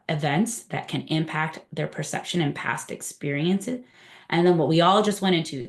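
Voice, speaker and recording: A woman trainer giving a conversational presentation to a room, often asking the group questions. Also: low voice.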